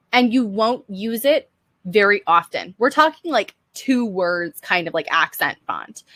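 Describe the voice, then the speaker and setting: A woman's voice: medium pitch, pushed and bright, no echo. A young woman teaching design on a casual live stream, chatty and upbeat, answering viewer questions with lots of "um" and "like".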